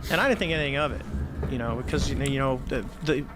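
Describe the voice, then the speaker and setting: A man's voice: mid-range voice, quick pace, background noise. A middle-aged man, a former Navy squadron commander, telling his story as an interview guest and acting out the dialogue. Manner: animated storyteller, acts out quoted dialogue.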